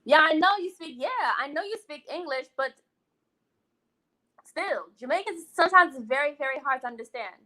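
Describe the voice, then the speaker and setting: A West Indian woman hosting a live eating stream, chatting casually with viewers in a sassy, animated way and laughing often. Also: sits high, moderate pace, rough recording. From West Indian, living in Brooklyn. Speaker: host of a live eating show. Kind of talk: casual live-stream chat, reading comments.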